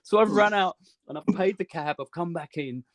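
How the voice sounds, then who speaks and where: An English musician with a high voice, guesting on an interview, tells a rambling anecdote at normal speed and keeps restarting. There is no room sound on the recording.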